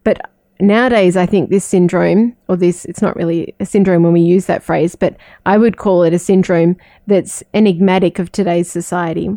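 A woman who is a religious sister talks through a gentle spiritual reflection, asking questions and sharing small personal stories. Her voice is mellow and soft-edged. The recording is dry, with no room sound. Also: on the low side, fairly even intonation, normal speed, no echo. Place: living in the United States, not from there.

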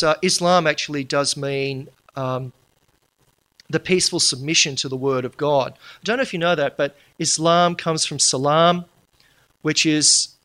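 Speaking to a live audience during a lecture, a man uses a slightly high voice that sounds bright and forceful. He hammers his points home with emphasis and drops in dry, witty asides.

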